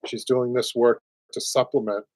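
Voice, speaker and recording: With a medium-pitched, darkish voice and flat delivery at normal speed, a man in his sixties hosts a live upholstery show with no echo. He's from the Boston area, has a Boston accent, and rambles chattily, repeating words and laughing a lot in casual livestream talk.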